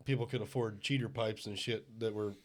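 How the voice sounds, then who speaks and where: A man's voice: lowish voice, steady tone, a little fast. A man in casual podcast chat, recalling memories emphatically, swearing and laughing.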